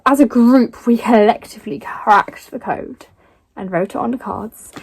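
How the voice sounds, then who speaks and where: A young woman gushing excitedly about books she bought and won in a casual vlog. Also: on the high side, unhurried, slightly rough, no echo. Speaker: book vlogger.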